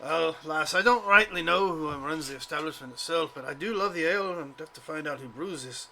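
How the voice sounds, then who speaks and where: A man's voice: fairly high pitch, brisk, vocal fry, sharp tone, exaggerated voice. A man voicing a jolly male dwarf who loves ale, with a hearty brogue. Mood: curious. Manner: hearty brogue with "lass" and "lad".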